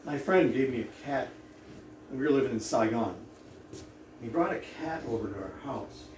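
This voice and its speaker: Chuckling preacher in an echoey hall. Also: male voice, medium pitch, lively intonation, normal speed, a little mellow. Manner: humorous, chuckling storyteller who digresses. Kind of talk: storytelling sermon to a congregation. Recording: echoey hall from a distance with faint room noise.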